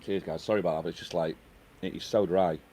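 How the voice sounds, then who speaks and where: A middle-aged man with a lowish voice hosts a live stream outdoors, talking quickly and casually. He reads viewer comments aloud and answers each one. A microphone resting on a nearby table picks him up, with a faint outdoor hum behind him. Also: steady tone, mellow. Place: outdoors on a home terrace. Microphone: microphone set down at a table.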